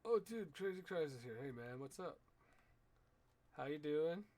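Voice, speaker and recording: A man's voice: on the high side, unhurried, darkish tone. A man streaming a game in casual commentary, chatting playfully to the characters on screen with lots of little exclamations.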